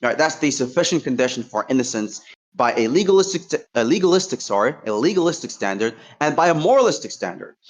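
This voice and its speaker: Here is a man arguing in an online voice-chat debate at a rapid clip, his voice sitting at an ordinary middle pitch. He is combative and profane, mocking his opponent, yet he keeps walking through his points one at a time. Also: big pitch swings. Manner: combative, profane trash talk; lays out points step by step.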